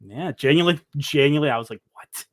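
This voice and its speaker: A man's voice: on the high side, brisk, dry recording, studio quality. Upbeat Scottish man hosting a podcast. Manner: chatty, upbeat, laughs often. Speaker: podcast host. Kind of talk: casual football podcast chat.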